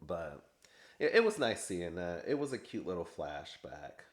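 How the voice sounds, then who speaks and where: A man's voice: low voice, sing-song, unhurried. A man chatting casually and gossiping through a reality TV recap, laughing often. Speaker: recap vlogger.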